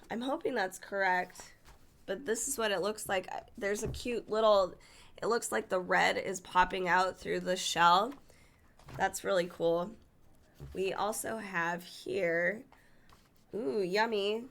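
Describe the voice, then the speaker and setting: A woman's voice: mid-range voice, a bit bright. A woman casually paging through a cookbook, chatty and enthusiastic, stumbling over foreign dish names. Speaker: cookbook reviewer. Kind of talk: casual book flip-through.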